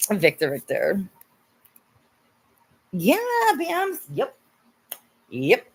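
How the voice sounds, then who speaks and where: A woman hosting a casual livestream, talking to her viewers and guests in an animated way, swearing often and mocking her critics in put-on voices. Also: on the low side, very slow, slightly rough. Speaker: livestream host.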